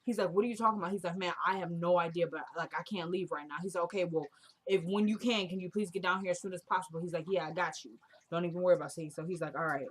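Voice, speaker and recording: A woman's voice: lowish voice, quick pace. A woman casually recapping a TV drama episode, retelling the scenes and quoting the characters in a chatty, opinionated way.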